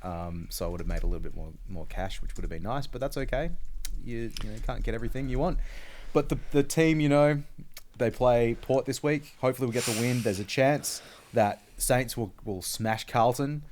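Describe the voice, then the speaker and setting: A man's voice: medium pitch, fairly quick, darkish tone, slight background noise. A man with an Australian accent, co-hosting a podcast in laid-back, rambling casual chat. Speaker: podcast co-host.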